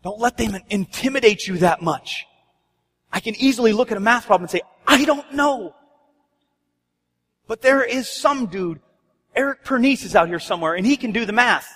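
Urgent high-voiced male preacher. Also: expressive, brisk, a bit bright, in a large hall. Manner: urgent, conversational preaching with quoted dialogue. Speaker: pastor. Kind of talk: sermon. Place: church sanctuary.

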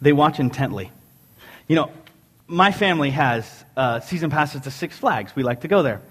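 A man delivers a sermon, his voice sitting a little high. He tells jokes and family stories in an animated, self-mocking way. His words ring out with a long reverb in a church sanctuary. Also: moderate pace, husky. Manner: animated, joking storyteller. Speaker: preacher.

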